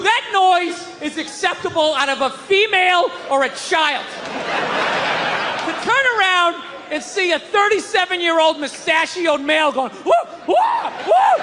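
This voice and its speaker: A man doing a stand-up routine on stage, ranting and shouting with lots of profanity. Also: extremely high pitch, normal speed, big-room sound. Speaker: stand-up comedian. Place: comedy stage with live audience. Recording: live crowd audio with noise.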